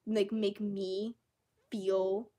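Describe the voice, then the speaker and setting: A woman's voice: mid-range voice, flat delivery, very slow, dark tone. A young woman ranting angrily and with lots of swearing in a casual vlog, exasperated and fed up. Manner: angry, profane, exasperated.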